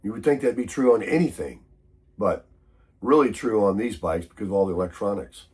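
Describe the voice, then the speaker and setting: An American man, sick and congested with a hoarse voice, telling a rambling, grumbling story in a casual morning chat. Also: on the low side, fairly quick, darkish tone. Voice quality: husky. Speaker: vlogger.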